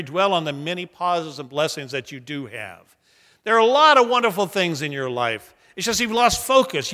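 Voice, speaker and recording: A man's voice: high-pitched, pushed and bright, big-room sound. A man preaching a sermon, telling stories earnestly and building emphatic repeated lines. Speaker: pastor.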